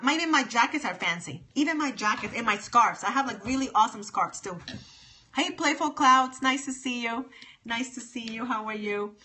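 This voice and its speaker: Sassy, bright-voiced woman livestreaming. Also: fairly high pitch, slight background noise. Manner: emphatic, repeats her points, sassy. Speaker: livestream host. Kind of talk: casual livestream chat with viewers. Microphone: phone.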